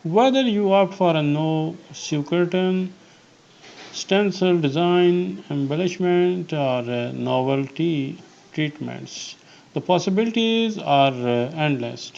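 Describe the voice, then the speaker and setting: A man narrating a home decor tutorial as host, reading haltingly with frequent "uh" pauses. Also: on the high side, lively intonation, gravelly, darkish tone, highs cut off. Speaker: DIY channel host.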